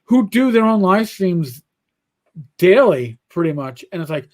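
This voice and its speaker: A man's voice: high-pitched, very animated, measured pace. A man with a New York accent hosting a casual livestream chat, talking bluntly and profanely, rambling with restarts. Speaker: podcast host.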